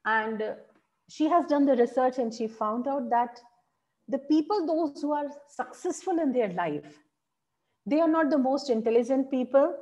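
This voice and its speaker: Animated woman teaching public speaking. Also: high-pitched, normal speed. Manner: animated, encouraging, asks the audience questions. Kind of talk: online workshop talk.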